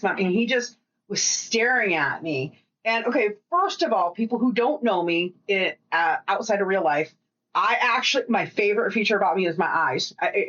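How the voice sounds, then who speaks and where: A woman co-hosting a podcast in casual chat, rambling and swearing freely with quick asides. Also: mid-range voice, fairly bright tone, lo-fi sound. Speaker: podcast co-host.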